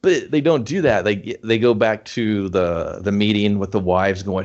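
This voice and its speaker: A man's voice: on the low side, very animated, moderate pace, few pauses. A man co-hosting a casual movie review chat, rambling as he picks apart the plot's logic. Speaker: co-host. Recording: dull lo-fi audio.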